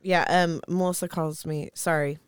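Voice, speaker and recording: A woman in a casual chat, chiming in with quick, laughing, blunt remarks. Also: on the low side, steady tone, clean tone.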